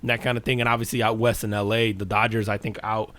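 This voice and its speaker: A man's voice: on the low side, fast talker, no room sound. A man co-hosting a podcast, chatting casually and energetically about baseball, full of dudes and curse words. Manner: animated, rambling, swears and says dude. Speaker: podcast co-host. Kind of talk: casual sports chat.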